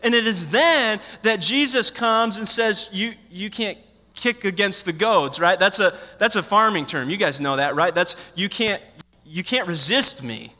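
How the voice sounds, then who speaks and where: A man preaching a sermon in a church, telling a lively story and quizzing the children in the pews. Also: sits high. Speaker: pastor. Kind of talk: sermon to a congregation. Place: church sanctuary. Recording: long hall reverb.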